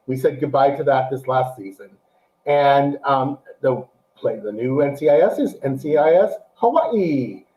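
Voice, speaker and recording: A man co-hosting a casual show, chatting animatedly about a TV series and acting out quotes in a high, excited voice. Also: measured pace, roomy sound, rough recording. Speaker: podcast co-host. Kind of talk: casual chat, show review.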